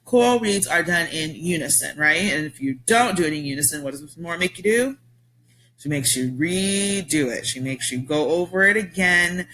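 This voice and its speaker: A woman's voice: fairly low pitch, lively intonation, moderate pace, a bit bright, a little hiss or hum. A woman teacher giving a recorded vocabulary lesson to her students, explaining patiently step by step with frequent ums.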